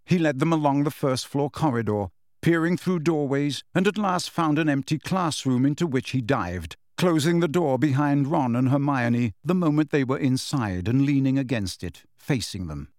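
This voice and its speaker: Expressive male audiobook narrator. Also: mid-range voice, moderate pace, no echo, clean studio sound. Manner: expressive storytelling. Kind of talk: scripted narration.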